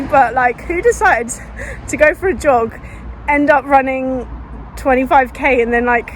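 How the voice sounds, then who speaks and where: Jogging outdoors on a street, a fitness vlogger speaks at a moderate pace in a high voice into the phone she's carrying. She's winded with a dry mouth, rambling earnestly and often restarting her sentences, and a little hiss or hum is audible.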